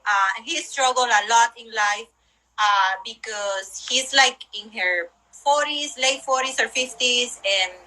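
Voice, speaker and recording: Woman, high bright nasal voice, animated casual chat, laughs a lot. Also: unhurried, poor audio. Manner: chatty, animated, laughs often. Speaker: co-host, literature teacher.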